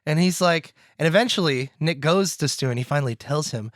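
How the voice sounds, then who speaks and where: A man co-hosting a casual film podcast, lively and laughing often. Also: on the high side, fairly quick, no room sound, studio quality. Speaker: podcast co-host.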